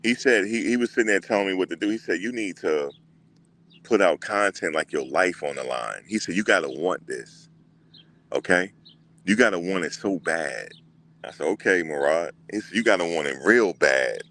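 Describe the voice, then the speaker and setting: A man hosting a casual livestream, talking back to his chat in an animated way and repeating what others said. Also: low voice, moderate pace. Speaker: livestream host.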